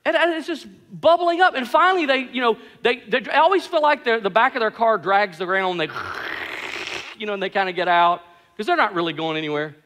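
A man preaching a sermon as pastor, telling stories with animated, self-mocking humor. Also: high-pitched, fairly quick, in a large hall, slight background noise.

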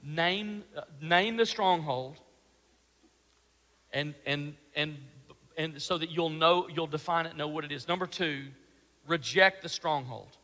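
A man preaching a sermon as pastor, animated and full of rhetorical questions, sometimes dropping to a soft, low voice. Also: a little slow, long pauses, big-room sound, low-quality recording.

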